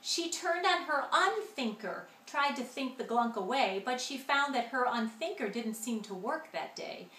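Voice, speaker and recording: A woman's voice: high voice, lively intonation, measured pace, few pauses, pushed and bright. A woman reading a rhyming picture book aloud in a sing-song delivery. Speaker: storyteller. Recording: echoey room with faint ambience.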